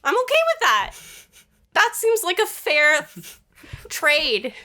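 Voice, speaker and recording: Bright-voiced blunt young woman. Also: sits high, big pitch swings, slow. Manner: blunt, laughs often, tells stories. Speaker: podcast guest, host's girlfriend. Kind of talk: casual chat.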